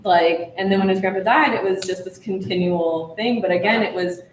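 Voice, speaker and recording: A woman's voice: medium pitch, moderate pace, far from the mic, a little hiss or hum. A woman telling a personal family story candidly in a casual group chat. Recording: echoey room, a bit off-mic.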